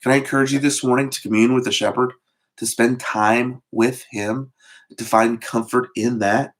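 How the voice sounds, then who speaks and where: A man giving a short devotional sermon as pastor, talking in a loose conversational way with frequent fillers and restarts, and slowing down to stress scripture. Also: medium pitch, fairly even intonation. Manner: conversational, with many fillers and repeated words.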